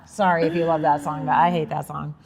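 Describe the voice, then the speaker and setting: A woman's voice: low voice, little pitch movement, fairly quick, vocal fry, over music. A woman co-hosting a podcast in casual, playful chat, often joking and mimicking. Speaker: podcast co-host. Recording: roomy hall with faint ambience.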